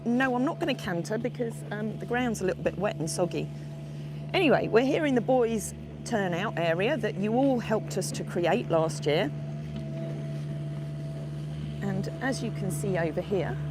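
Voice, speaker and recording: Woman, low voice, friendly live-stream host riding outdoors, traffic noise behind her. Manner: chatty, greets viewers by name. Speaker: horse sanctuary host. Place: outdoors on horseback at a farm. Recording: outdoor noise with passing vehicles.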